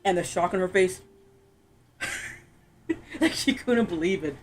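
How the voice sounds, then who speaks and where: A streamer from Florida chats while gaming, spinning animated stories at an easy middle pitch. The speaker laughs a lot and slips into voices when quoting people. The voice is close and direct on a desk mic. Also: unhurried, a little hiss or hum. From Florida, USA. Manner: animated storyteller, laughs often, acts out quotes. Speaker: game streamer. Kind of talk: casual chat while playing.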